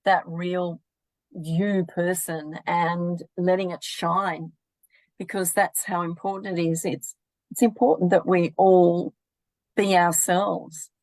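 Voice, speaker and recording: Woman, radio host, calm and reflective, lowish voice, dry close sound. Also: takes it slowly, no echo, rough recording. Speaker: radio talk show host. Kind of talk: casual interview chat.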